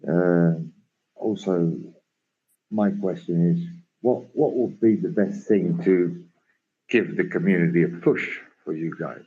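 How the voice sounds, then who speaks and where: A man's voice: low-pitched, slow, dark tone, breathy edge, muffled recording. A man asking tentative questions as a newcomer in a casual online chat. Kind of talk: casual audio chat room talk.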